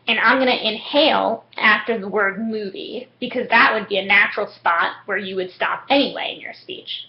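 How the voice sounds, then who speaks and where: A young woman calmly explaining speech therapy techniques step by step, with frequent "um"s. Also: medium pitch, normal speed, vocal fry, few pauses. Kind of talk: instructional demonstration. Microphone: webcam. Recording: muffled webcam audio.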